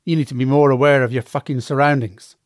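A man's voice: mid-range voice, steady tone, quick pace, dry recording, studio quality, lightly acted. A man voicing a menacing, crude, tattooed male convict who threatens his new cellmate.

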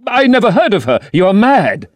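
A man doing a terrified young gentleman. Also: wildly swooping pitch, slow pace, no echo, studio quality, exaggerated voice. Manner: frightened, stammering, high strained pitch.

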